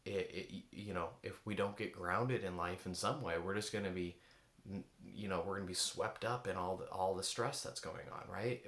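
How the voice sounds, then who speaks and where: A man's voice: low voice, fairly bright tone, reverberant. A man giving a reflective coaching talk, searching for words and asking many rhetorical questions. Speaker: eating coach.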